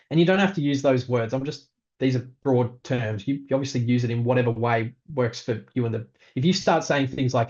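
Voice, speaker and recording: A male pastor, giving a practical leadership talk in a relaxed, conversational way with frequent ums. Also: mid-range voice, brisk, muffled recording.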